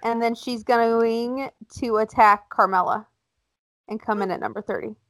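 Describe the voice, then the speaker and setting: A woman co-hosting a casual chat, blunt and animated, acting out quotes as she talks. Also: fairly high pitch, measured pace, no echo, rough recording. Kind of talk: casual chat about wrestling.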